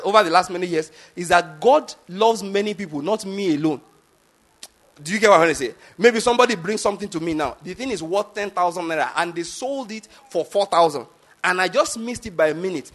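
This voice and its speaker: A man's voice: high voice, a bit bright. A Nigerian man in his fifties preaching a sermon, emphatic and repetitive, often asking listeners if they follow. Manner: emphatic, repeats points, asks the audience if they follow. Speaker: pastor.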